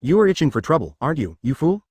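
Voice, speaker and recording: A man's voice: fairly high pitch, big pitch swings, fast, darkish tone, breathy edge, no echo. A man voicing a burly, furious male fishman pirate scolding angrily, in a fan fiction reading. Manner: angry scolding.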